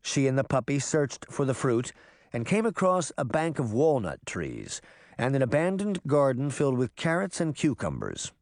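A man reading a children's fantasy novel aloud as a scripted audiobook, telling the story expressively. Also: normal speed. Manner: expressive storytelling, varied pitch.

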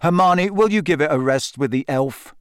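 A man's voice: on the high side, normal speed, clean tone, no echo, studio quality, voice pushed up, lightly acted. A man reading aloud, voicing a blunt, impatient teenage boy in a storybook. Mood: scoffing. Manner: loud, incredulous.

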